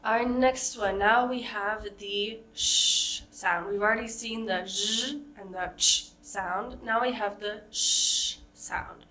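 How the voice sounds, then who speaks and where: American woman coaching pronunciation, slow and deliberate, bright voice, sounds out each word carefully. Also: mid-range voice, steady tone. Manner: slow, carefully modeled example words. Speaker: accent coach. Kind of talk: pronunciation lesson.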